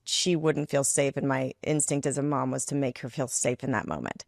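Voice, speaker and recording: Woman host and mother, deep, dry and close to the mic, easygoing interview chat. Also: fairly even intonation, a little fast, gravelly, a little mellow, no echo. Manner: casual, many "like" and "um" fillers. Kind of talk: conversational interview.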